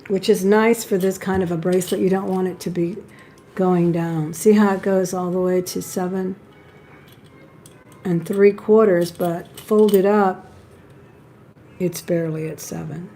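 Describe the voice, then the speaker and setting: A woman's voice: on the low side, steady tone, a little slow, long pauses, dark tone, a little hiss or hum. A woman hosting a live jewelry sale, chatting and admiring each piece as she shows it. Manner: chatty, admiring, talks while handling pieces. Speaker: live-stream jewelry seller.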